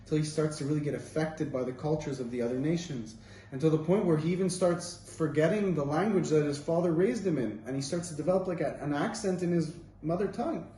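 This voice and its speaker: A man's voice: on the high side, brisk, warm tone, a little hiss or hum. A man giving an informal Torah talk, telling stories in a casual, rambling way with many fillers. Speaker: Torah teacher. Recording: roomy, distant mic, faint ambience.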